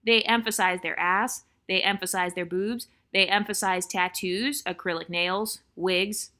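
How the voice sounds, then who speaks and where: Bright-voiced woman giving blunt commentary. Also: mid-range voice, steady tone, a little slow. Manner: blunt, emphatic, repeats points for stress. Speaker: vlogger. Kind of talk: opinionated commentary reacting to online comments.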